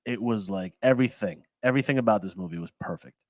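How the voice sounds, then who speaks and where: A man's voice: on the low side, quick pace, darkish tone, no room sound. A young man hosting a casual chat, rambling and repeating words. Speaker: podcast host.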